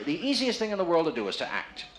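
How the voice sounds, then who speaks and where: Laughter fills the room as a comedian on a casino showroom stage needles a male audience member with quick wisecracks. His voice is a little high with huge pitch swings, and the live 1960s vinyl recording is roomy and noisy.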